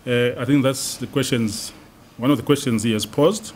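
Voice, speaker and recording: A man's voice: medium pitch, normal speed. A man serving as acting dean, giving an unscripted response to a lecture and hesitating often with ums and uhs.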